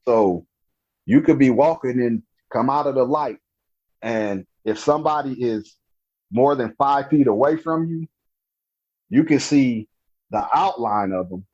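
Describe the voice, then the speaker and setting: A man from Louisiana telling about a night encounter in an interview, halting and restarting as he acts out the dialogue. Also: mid-range voice, a little mellow, lo-fi sound. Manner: slow, halting storytelling with restarts and acted-out dialogue. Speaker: guest telling an encounter story. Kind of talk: storytelling interview.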